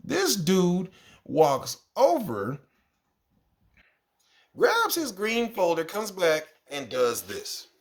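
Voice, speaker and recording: Animated man telling classroom stories. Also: very slow, vocal fry, pauses often. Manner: animated, exasperated, jumps into high voices when quoting himself. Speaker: kindergarten teacher. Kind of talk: casual storytelling monologue.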